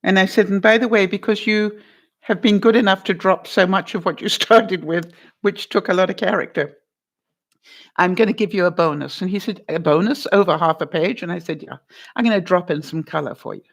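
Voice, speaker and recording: Older woman telling a lively workplace story. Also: medium pitch, brisk, gravelly. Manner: animated anecdote-telling, quotes both sides of a phone call, laughs often. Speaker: vlogger giving life advice. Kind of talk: casual storytelling to viewers.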